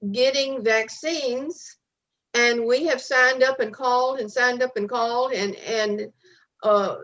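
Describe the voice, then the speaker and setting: A woman's voice: a little high, fairly bright tone, dull audio. A woman asking a question over a video call, frustrated and pressing. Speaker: questioner in audience.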